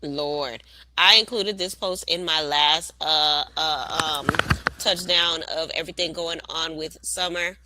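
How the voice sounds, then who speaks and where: A woman vlogger giving casual gossip commentary on a reality show, chatty with drawn-out asides. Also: sits low, fairly even intonation, heavy background noise. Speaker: reaction vlogger.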